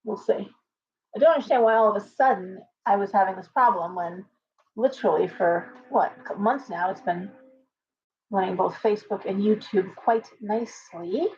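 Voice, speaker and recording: A woman's voice: medium pitch, darkish tone. A middle-aged woman hosting a casual live stream, chatty and rambling, poking fun at herself. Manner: chatty, rambling, self-deprecating. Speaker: livestream host. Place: home shop with pets. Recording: dull lo-fi stream audio with faint noise.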